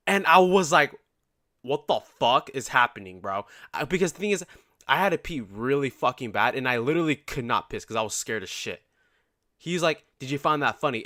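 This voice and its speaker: A man's voice: mid-range voice, pushed and bright, dry recording, clean studio sound. A young man chatting casually on a day-trading live stream, rambling in slang with lots of restarts and swearing.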